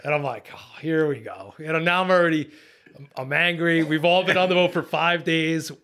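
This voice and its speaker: A man with a slightly high voice tells a fishing story in a casual podcast chat. He is animated and swears freely. He acts out what he and the others said. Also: a little fast. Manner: animated, profane storyteller who acts out his own lines. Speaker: charter boat captain.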